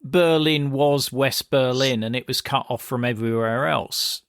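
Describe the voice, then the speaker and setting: A man's voice: medium pitch, steady tone, a little slow, a bit bright, no echo, clean studio sound. A male podcast host chatting reactively with his guest in an interview. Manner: reactive, conversational. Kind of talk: interview chat.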